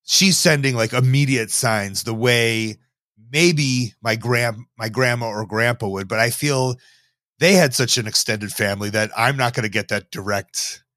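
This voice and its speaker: A man's voice: medium pitch, a little slow, sharp tone, dry recording. A man from Illinois talks as a podcast guest, rambling and reflective with a wry edge. His voice sits in a middle register. It is recorded close and dry, with no room sound. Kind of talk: casual podcast chat.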